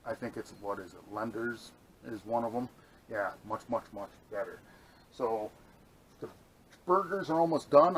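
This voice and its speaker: A man's voice: mid-range voice, slight background noise, rough recording. A man casually reviewing a camp meal he is cooking, rambling and enthusiastic, and talking as he eats. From New York state. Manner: enthusiastic, rambling, talks while eating. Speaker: outdoor vlogger. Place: outdoors at a campsite.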